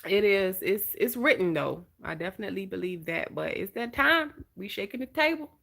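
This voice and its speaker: A woman with a Southern American accent from Georgia, hosting a casual live-stream chat in an animated, expressive voice. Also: medium pitch, moderate pace, gravelly. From Georgia, USA. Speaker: vlogger, host.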